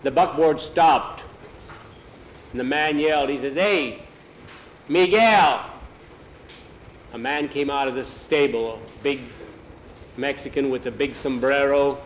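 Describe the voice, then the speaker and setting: A man's voice: medium pitch, steady tone, normal speed, a little hiss or hum. A man telling an adventure story aloud, often repeating "he says" between lines. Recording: dull lo-fi recording.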